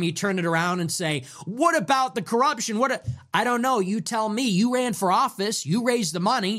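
High-pitched sarcastic male political ranter. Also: fairly bright tone. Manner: sarcastic, profane, mocking. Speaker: political commentator. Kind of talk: ranting political commentary.

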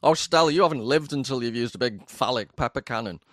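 Dry, mid-pitched man. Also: fast, fairly bright tone, no echo. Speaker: podcast co-host. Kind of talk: casual chat.

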